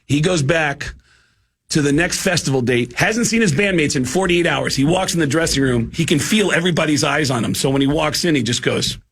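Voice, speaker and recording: A man, a comedian guest, telling an animated comedy anecdote and acting out the characters. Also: fairly high pitch, brisk, slight background noise. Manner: animated storyteller, acts out characters.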